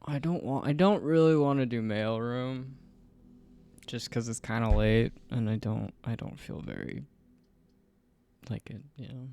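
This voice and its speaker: Slow, gravelly man narrating a game. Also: medium pitch, dark tone. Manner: self-deprecating, rambling, laughs often; thinks aloud while playing. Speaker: gameplay streamer. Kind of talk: casual let's-play commentary.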